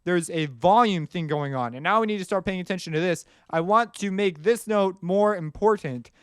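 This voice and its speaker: A man's voice: high voice, normal speed, clear, resonant tone, no echo, studio quality. A man teaching music production in a casual, rambling way, often singing rhythms aloud as he explains. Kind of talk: screen-recorded tutorial explanation.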